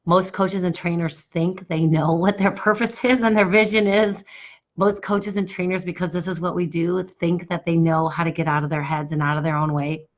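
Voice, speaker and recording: A woman coach with a hoarse, husky voice, talking enthusiastically to her live stream viewers and pitching her workshop with repeated phrases. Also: steady tone, moderate pace, highs cut off. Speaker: business coach.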